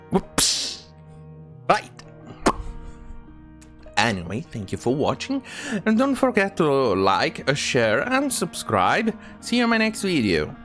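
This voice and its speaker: A man's voice: a little high, huge pitch swings, slow pace, pauses often, a bit bright, faint music behind. Sarcastic man reading news with asides. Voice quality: sarcastic, reads quotes aloud with asides. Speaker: commentary channel host.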